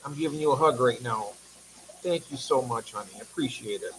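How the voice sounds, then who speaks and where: A man's voice: medium pitch, a little fast, fairly bright tone, slight background noise, rough recording. A man hosting a casual livestream, chatty and affectionate, reading viewer comments aloud and sounding tired. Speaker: livestream host.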